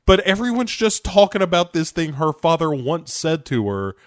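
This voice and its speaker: A man's voice: a little high, sing-song, moderate pace, no room sound, studio quality. A man co-hosting a podcast, chatting casually and sarcastically about a bad movie, swearing freely. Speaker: podcast co-host. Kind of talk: casual movie-riffing chat.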